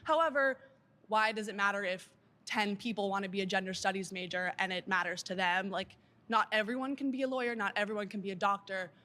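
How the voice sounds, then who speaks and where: A woman's voice: mid-range voice, steady tone, a little fast, sharp tone. A woman pushing back in a campus debate with earnest, reasoned points. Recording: echoey hall.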